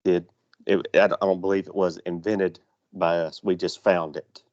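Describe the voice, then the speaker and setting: A man's voice: deep voice, level tone, normal speed, a little mellow. A man co-hosting a podcast, laid-back and agreeable, musing in a reflective way. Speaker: podcast co-host. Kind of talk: casual podcast chat. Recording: slightly dull lo-fi audio.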